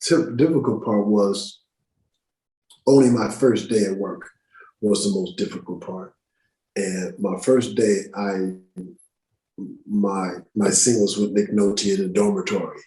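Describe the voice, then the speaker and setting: A man's voice: on the low side, fairly even intonation, measured pace, long pauses, dark tone, echoey room, rough recording. A middle-aged man who works as an actor, telling stories on a podcast in a casual, profane, slang-heavy way. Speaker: actor guest. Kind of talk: casual storytelling interview. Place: podcast studio room.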